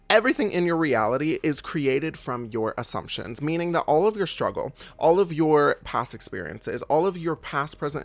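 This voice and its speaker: A man's voice: fairly high pitch, no echo. A man hosting a casual motivational talk, emphatic and blunt, peppered with "okay?" and swearing, calling the listener "babes". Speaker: manifestation coach, channel host.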